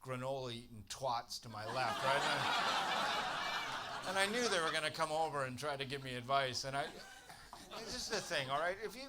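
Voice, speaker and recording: A man from Canada doing a stand-up set on a comedy club stage, telling exasperated stories that build to shouted punchlines. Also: medium pitch, expressive, fairly quick. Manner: exasperated storytelling, swearing, rising to shouted punchlines. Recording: live club recording with audience noise.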